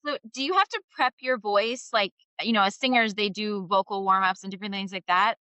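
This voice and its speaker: A woman's voice: medium pitch, fairly quick, pushed and bright, clear, resonant tone, dry recording, rough recording. A woman hosting an interview, asking curious, rambling questions. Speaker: host. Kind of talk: casual interview.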